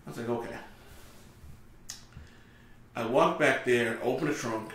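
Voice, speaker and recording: A man hosting a casual podcast, telling stories in an animated way and acting out what people said. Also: mid-range voice, unhurried, long pauses. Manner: animated storyteller, acts out dialogue, swears freely. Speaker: podcast host. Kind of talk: casual storytelling chat. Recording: very echoey room, a bit off mic.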